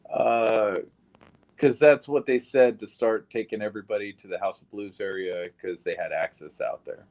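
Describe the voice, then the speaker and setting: Low-voiced man giving a blunt witness account. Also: fairly even intonation, normal speed, a little mellow, rough recording. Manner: blunt, plain-spoken retelling with occasional swearing. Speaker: shooting survivor giving a statement. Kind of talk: recorded witness interview.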